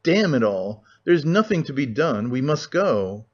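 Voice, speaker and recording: A man's voice: medium pitch, big pitch swings, measured pace, husky. A man voicing an impatient, heavyset man who bawls in a thick voice, on a dull lo-fi recording. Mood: grumbling. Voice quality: thick, bawling.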